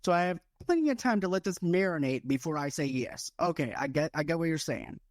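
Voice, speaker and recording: A man co-hosting a podcast, chatty and jokey, thinking each film pitch through out loud. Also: animated, fairly quick, no echo, clean studio sound. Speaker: podcast co-host. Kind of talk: casual podcast chat, mock pitch role-play.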